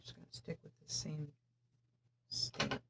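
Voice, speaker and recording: A woman chatting casually while she does crafts, soft-spoken and a little mumbly. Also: sits low, very animated, measured pace, gravelly, noisy background. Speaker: crafting vlogger.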